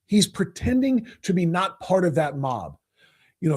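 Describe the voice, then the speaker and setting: Angry husky-voiced male talk host. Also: high voice, sing-song, moderate pace, a little mellow. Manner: angry, combative, sarcastic. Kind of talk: political commentary rant.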